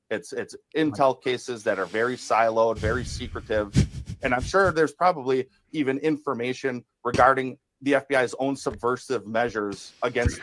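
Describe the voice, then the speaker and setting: A man answering interview questions in a played clip, measured and earnest. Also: mid-range voice, fairly bright tone, no echo, low-quality recording.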